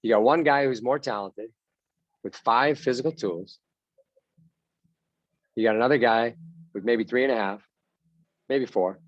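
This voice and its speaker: A man's voice: medium pitch, a little slow, long pauses, no room sound, lo-fi sound. A man giving a motivational talk to baseball players as their mental coach, punchy and repetitive, having them chant mantras.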